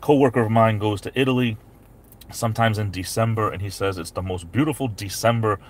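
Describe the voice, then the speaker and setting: A man chats casually on a live stream from inside his parked SUV. His voice sits on the low side, and he rambles easily and greets viewers one by one by name. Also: fairly quick. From New England.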